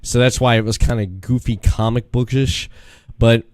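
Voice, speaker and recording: A young man calling in as a podcast guest, chatting in a laid-back, drawn-out way with chuckles. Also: mid-range voice, fairly even intonation, darkish tone, clear, resonant tone, dry recording. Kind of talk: casual chat.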